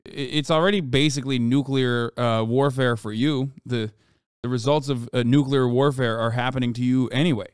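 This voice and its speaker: A man streaming live, reacting to news with profane, animated commentary and talking back to his chat. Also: mid-range voice, clear, resonant tone, no room sound, clean studio sound. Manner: reads quotes aloud quickly.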